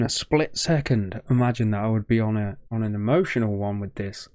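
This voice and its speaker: A man's voice: lowish voice, a little fast, few pauses, darkish tone, clear, resonant tone, dry recording, clean studio sound. A young man hosting a reaction video, choked up with a shaking voice, rambling and stumbling over his words in casual commentary.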